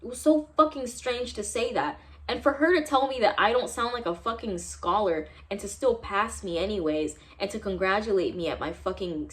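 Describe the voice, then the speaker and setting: A young American woman from San Diego in her twenties, telling a vlog story about her experiences in an angry, profane, emphatic rant. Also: medium pitch. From San Diego, United States. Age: 20s. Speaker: vlogger. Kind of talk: heated personal storytime vlog.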